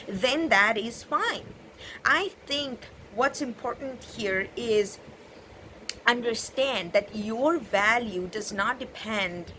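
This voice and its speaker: A woman talks in a bright, fairly high voice, earnest and reassuring, often pausing on fillers as she coaches learners. A faint hiss sits under the recording. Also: low-quality recording. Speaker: English teacher. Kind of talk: casual spoken advice to learners.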